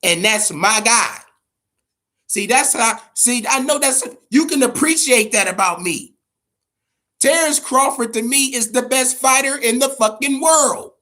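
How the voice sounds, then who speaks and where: A man with a very high, pushed, bright voice hosts a boxing podcast. His commentary is casual and opinionated, loaded with profanity, and he keeps repeating himself for emphasis.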